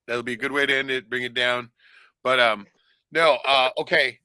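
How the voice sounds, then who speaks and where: A man's voice: mid-range voice, steady tone, normal speed, long pauses, bright, forceful tone, clean tone, dry recording. A man on a casual podcast, rambling and swearing a lot, often tagging lines with "right?". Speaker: podcast co-host. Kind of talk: casual profane chat.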